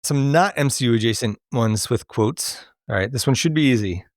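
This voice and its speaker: Male quiz host, casual and chatty, mid-pitched voice, close dry mic. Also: moderate pace, no room sound. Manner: chatty, laughs often. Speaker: podcast host running a movie quote quiz. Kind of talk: casual chat.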